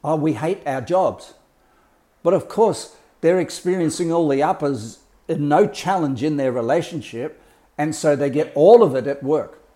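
Man, life coach, casual explanatory talk, blunt, colourful, slightly high voice. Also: moderate pace, dark tone. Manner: colourful, blunt, swears, mimics sounds.

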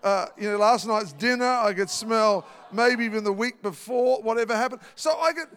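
A man's voice: high voice, normal speed, fairly bright tone, clean tone, in a large hall. A middle-aged Australian man preaching a sermon, telling a personal story in a chatty way with many fillers and restarts. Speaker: pastor.

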